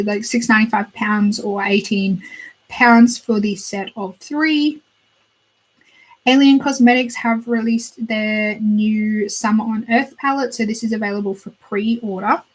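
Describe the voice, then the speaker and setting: A young woman with a slightly husky voice chats about new beauty releases. She gushes and thinks out loud as she browses, and her voice sits at an everyday middle pitch. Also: moderate pace, poor audio. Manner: chatty, gushing, thinks aloud while browsing. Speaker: beauty channel host. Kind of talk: casual chat.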